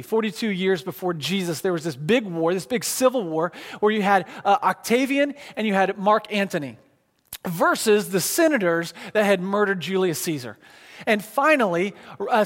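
A man preaching a sermon, teaching from a map in a conversational, animated way, with frequent fillers and restarts. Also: high-pitched. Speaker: pastor. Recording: long hall reverb.

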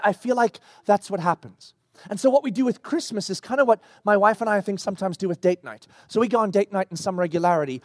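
A middle-aged man preaches a sermon in an unusually high voice. He tells the story casually, jumping into acted-out voices. The mic picks him up close and dry, with almost no room sound. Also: no room sound. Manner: animated storytelling with acted-out quotes. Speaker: pastor. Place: church.

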